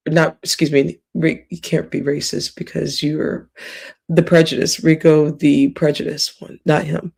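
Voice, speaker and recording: Slow gravelly woman streamer, gossipy. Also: sits low, flat delivery, darkish tone. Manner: gossipy, rambling, with whispered asides. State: voice cracking. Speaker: livestreamer. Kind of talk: late-night livestream commentary.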